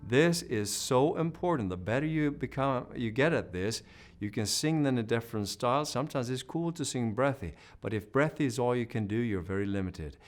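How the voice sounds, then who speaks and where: A man's voice: mid-range voice, expressive, normal speed. A man teaching a singing lesson, coaching and demonstrating vocal sounds and sung notes, with encouraging talk.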